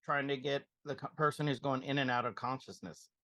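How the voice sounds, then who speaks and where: A man in a mid-range voice walks through an episode beat by beat on a casual podcast. He keeps pausing to act out what characters said. The sound is close and dry, with no room echo. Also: medium pitch, steady tone, bright, forceful tone. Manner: scene-by-scene retelling, quoting characters. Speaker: podcast co-host. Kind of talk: casual chat recapping a show.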